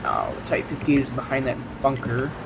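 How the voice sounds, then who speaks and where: A man hosting a gaming video, commenting casually on his match in a relaxed, rambling way with many fillers. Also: mid-range voice, brisk, creaky, very noisy. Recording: voice over loud game sounds. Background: game engines and artillery fire.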